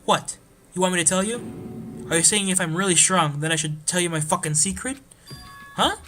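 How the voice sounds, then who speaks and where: A man voicing a tough, hot-tempered young male biker in a game let's play, gruff and swearing. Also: sits high, moderate pace, pushed and bright, faint music behind. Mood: angry.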